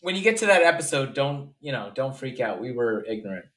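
A man's voice: medium pitch, big pitch swings, brisk, fairly bright tone. A man co-hosting a podcast in casual chat, ranting in exasperation and swearing freely. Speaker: podcast co-host.

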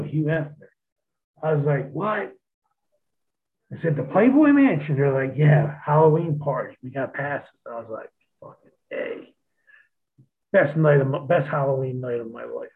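A man swapping stories in a relaxed, profane chat, laughing easily as he goes. His voice sits at an ordinary middle pitch. The sound is thin and tinny, as if over a phone line. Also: moderate pace. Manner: laid-back, profane, laughs often. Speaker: guest telling stories. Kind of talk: casual storytelling chat.

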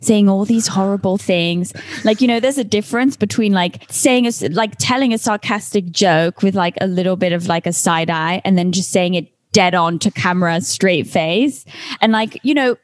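A woman's voice: mid-range voice, moderate pace, no echo. A woman from England, hosting a podcast in casual chat, blunt and opinionated, swearing and filling with "like". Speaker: podcast host.

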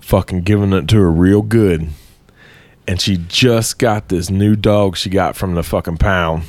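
A man imitating a crude redneck storyteller who brags in a drawn-out way. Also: sits low, steady tone, dry recording. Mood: bragging. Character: crude, bragging redneck man telling a tale.

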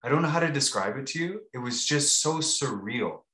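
A man's voice: mid-range voice, animated, a little fast, sharp tone. A man co-hosting a podcast, telling a rambling, casual story with many restarts and fillers. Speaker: podcast co-host. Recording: roomy echo.

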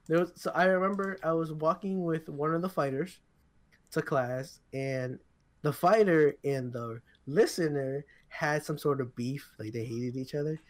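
A man's voice: on the high side, measured pace. A tired young man co-hosting a podcast, telling a rambling, profane story in casual chat with lots of restarts. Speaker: podcast co-host.

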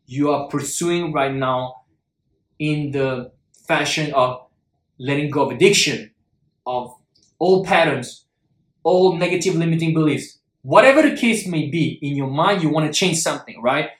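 A man speaks in an earnest self-help coaching voice and hammers key words through repetition. His voice sits a little high for a man. The sound rings with a roomy echo. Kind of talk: motivational talk to viewers.

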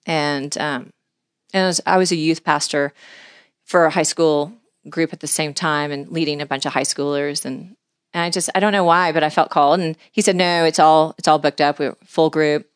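Low-voiced earnest middle-aged woman. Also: steady tone, moderate pace, clean tone, dry recording, clean studio sound. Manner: earnest, heartfelt, talks through long stories. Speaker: podcast guest, angler and mission leader. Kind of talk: conversational storytelling.

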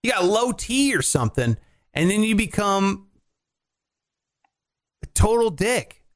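Guy with a high voice, swings up and down a lot, cursing and riffing on the news. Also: unhurried. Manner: animated, profane, mocking impressions. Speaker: podcast co-host. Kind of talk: casual chat.

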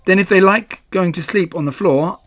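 A man reading a storybook aloud, voicing a gentle, simple-minded male teddy bear in a mild, wondering way. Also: sits high, normal speed, voice pushed up.

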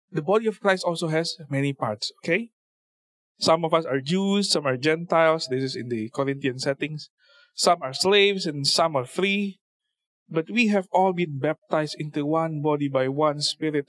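A man with a fairly high voice gives a relaxed talk at a church service. He reads scripture and explains it in a loose, conversational way, often stopping on fillers and restarting phrases. The sound is dry and close. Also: no room sound. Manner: conversational, with many fillers and repeated words. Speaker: church speaker.

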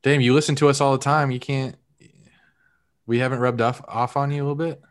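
A man's voice: mid-range voice, steady tone, fairly quick. A young American man with an American accent, chatting casually and joking around. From United States. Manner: joking, laughing often. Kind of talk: casual chat.

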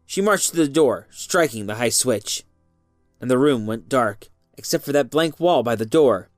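An expressive storyteller reading a tale aloud. The pitch moves a lot, rising and falling through the sentences. The recording is dry and close, with faint music underneath. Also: normal speed, no room sound. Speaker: narrator.

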